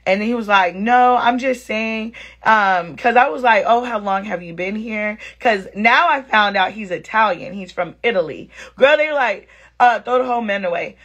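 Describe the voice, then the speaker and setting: A woman's voice: mid-range voice, normal speed, lo-fi sound. A woman vlogger chatting casually at home, telling viewers a dating story with slang and acting out both sides of the conversation. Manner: animated, talks straight to viewers, acts out both sides of the story; slangy, calls viewers girl and sis. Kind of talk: casual storytime chat to camera.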